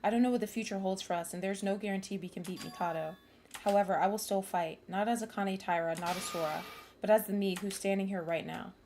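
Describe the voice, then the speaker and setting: A woman reading game dialogue aloud as a determined young woman vowing to fight on, in an earnest, measured way. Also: medium pitch, fairly even intonation, background noise, lightly acted. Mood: resolute.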